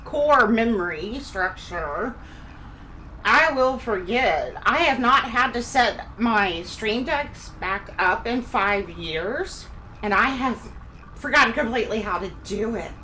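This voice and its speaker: On a home live stream, a chatty Kansas woman of middle age rambles while eating, speaking slowly and expressively. Her voice runs on the high side, bright and forceful. Echo and faint background noise come through from the room.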